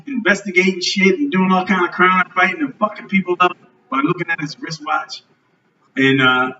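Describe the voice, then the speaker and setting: A man hosting a live podcast on a club stage, joking loudly and swearing a lot. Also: high-pitched, a little hiss or hum. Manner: loud, profane, joking. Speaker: podcast host. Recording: roomy lo-fi live venue recording from a distance.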